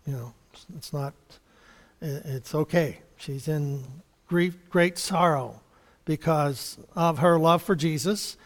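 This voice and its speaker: A man preaching a conversational sermon, reading scripture and explaining it in a halting, chuckling way. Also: fairly high pitch, long reverb tail. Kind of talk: sermon Bible study.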